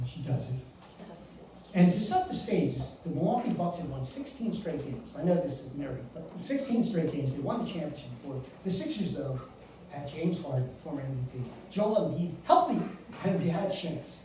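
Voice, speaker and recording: A man's voice: fairly high pitch, lively intonation, brisk, mellow, a little hiss or hum. An older man telling a self-deprecating comic story on a live stage, chatty and full of asides. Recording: echoey room, mic far off.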